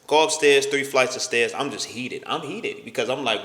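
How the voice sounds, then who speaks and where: Bright-voiced young man telling a story. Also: mid-range voice, lively intonation, moderate pace. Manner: slangy, stammering, acts out quoted voices. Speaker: storytime vlogger. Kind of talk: casual storytelling. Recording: echoey room with long reverb.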